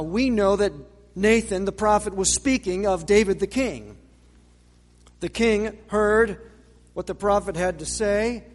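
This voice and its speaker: A man preaching a sermon in a measured way, with dramatic pauses and rhetorical questions. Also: high voice. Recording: long reverb of a large hall.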